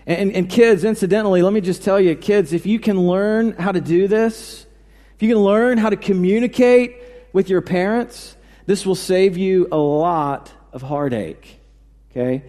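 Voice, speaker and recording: Male preacher, mellow tone, informal sermon delivery with hesitations; recorded with long hall reverb. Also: high voice. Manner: conversational, halting with fillers and restarts. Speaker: pastor.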